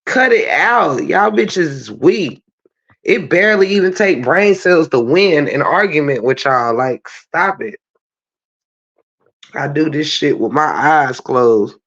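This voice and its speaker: Man, profane sassy roasting rant, slightly high voice, dull lo-fi audio. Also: expressive, fairly bright tone. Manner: profane, taunting, drawn-out sass. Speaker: channel host.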